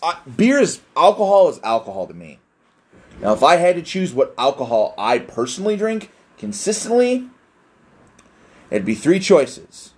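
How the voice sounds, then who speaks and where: A young man hosting a casual solo podcast, rambling and self-deprecating, swearing often. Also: fairly high pitch. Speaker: podcast host.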